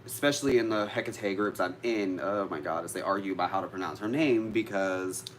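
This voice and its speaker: A man's voice: low voice, brisk, a little hiss or hum. A man vlogging casually to live viewers about witchcraft, chatty and easily sidetracked, swearing now and then.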